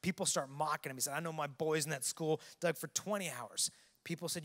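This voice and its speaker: A man's voice: fairly high pitch, fairly quick. Earnest male preacher in a reverberant arena. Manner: earnest storytelling, swings between hushed and loud. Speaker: youth conference keynote speaker. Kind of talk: preaching to a large youth audience. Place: large arena with long reverb. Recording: long hall reverb.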